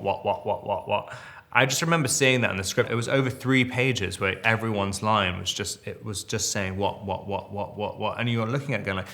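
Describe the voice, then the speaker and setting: A man's voice: lowish voice, vocal fry, sharp tone. A man in his thirties telling stories about his work in a casual interview, rambling with restarts, fillers and chuckles. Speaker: actor interviewee.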